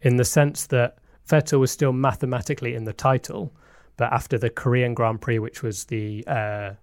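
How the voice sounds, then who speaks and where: A man's voice: mid-range voice, steady tone, normal speed, no room sound, clean studio sound. A man co-hosting a casual podcast chat, explaining details at length with a self-mocking streak. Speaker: podcast co-host.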